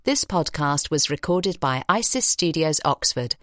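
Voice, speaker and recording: A woman reading an audiobook story in a measured, expressive way in a recording studio. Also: deep voice, no room sound. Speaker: audiobook narrator. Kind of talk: scripted narration. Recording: dry studio sound.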